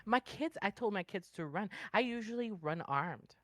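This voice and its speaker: A woman's voice: mid-range voice, expressive, moderate pace, no room sound, clean studio sound. A woman guest in a casual interview, talking emphatically with slangy asides. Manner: emphatic, slangy, says bro. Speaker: guest, online streamer.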